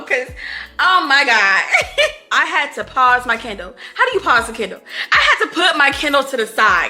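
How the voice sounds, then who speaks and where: A woman's voice: sits high, sing-song, moderate pace, bright, forceful tone, soft background music. A young woman chatting casually to her viewers in a book review vlog, giggly and gushing, calling them y'all and honey.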